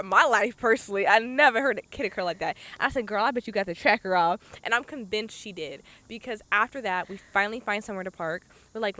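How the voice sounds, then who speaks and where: Young woman telling a story with drama. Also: mid-range voice. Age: young adult. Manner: animated, dramatic retelling with quoted voices. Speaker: podcast co-host. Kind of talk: casual storytelling chat.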